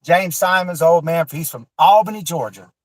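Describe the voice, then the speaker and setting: Man, emotional storytelling, halting restarts, dry close mic. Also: a little high, no room sound, poor audio. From Florida Panhandle.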